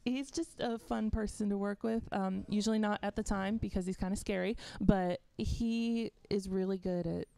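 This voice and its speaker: A woman's voice: mid-range voice, steady tone, moderate pace, creaky, hardly any pauses, dark tone, dry recording. A woman from Florida with a faint Southern accent, a backstage interviewer giving rambling, chatty answers full of fillers. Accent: faint Southern American.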